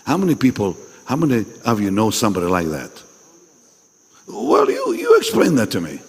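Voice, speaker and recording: A man's voice: lowish voice, wildly swooping pitch, quick pace, darkish tone, slightly rough. A man preaching a sermon at a pastors' meeting. He is emphatic, repeats his phrases and questions the audience directly. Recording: long reverb in a large hall.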